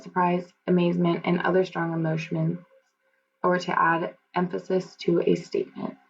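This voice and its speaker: A woman presenting a lesson plan aloud as a teacher in training, halting, with fillers and self-corrections. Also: fairly low pitch, gravelly. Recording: dull lo-fi recording with faint hum.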